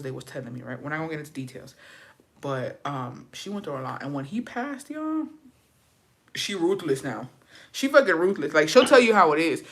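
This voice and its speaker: A young woman vlogger telling a family story in casual chat, cursing freely and slipping into Spanish phrases. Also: deep voice. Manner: profane, animated, switches into Spanish.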